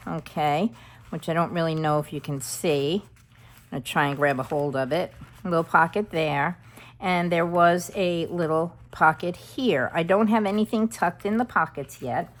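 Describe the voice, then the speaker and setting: A middle-aged woman hosting a casual craft tutorial, chatty and often checking in with the viewer. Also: on the low side. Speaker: craft channel host.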